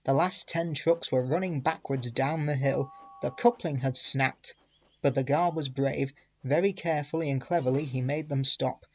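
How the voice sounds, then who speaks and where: A man reading a children's railway story aloud in a clear, gentle storytelling manner. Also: medium pitch, normal speed. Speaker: reader.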